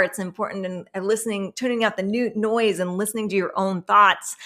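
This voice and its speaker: A woman's voice: fairly low pitch, vocal fry, fairly bright tone. A woman hosting a weekly astrology and tarot forecast, talking in a chatty, enthusiastic, digressive way. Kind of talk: casual forecast talk.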